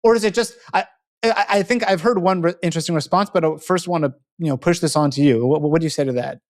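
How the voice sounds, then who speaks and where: A man's voice: a little high, fast. A young man from Montreal, a podcast host, chatting casually and rambling through stories with lots of fillers. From Montreal, Canada. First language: English. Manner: rambling, many fillers and restarts, laughs easily. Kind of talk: casual interview chat.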